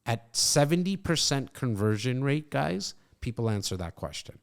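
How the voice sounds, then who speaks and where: Animated man coaching on sales calls. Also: medium pitch, moderate pace, vocal fry. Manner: animated, blunt, repeats points for emphasis. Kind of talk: coaching monologue with role-played calls.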